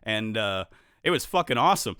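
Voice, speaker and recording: A man co-hosting a podcast in casual chat, rambling, swearing freely and getting excited about what he talks about. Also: fairly low pitch, a little fast, clean tone, dry recording, studio quality. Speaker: podcast co-host.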